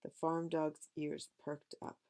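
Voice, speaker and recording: A woman's voice: sits low, completely flat delivery, takes it slowly, warm tone. A woman reading a picture book aloud to a child, chatting about the pictures as she goes.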